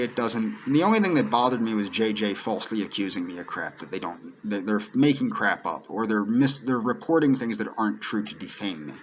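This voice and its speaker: A man speaks straight to camera in an earnest, pleading personal monologue. His voice sits on the low side, and he circles back to the same points again and again. A faint hiss runs under the recording. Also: rough recording. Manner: earnest, pleading, repeats himself often. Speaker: video creator.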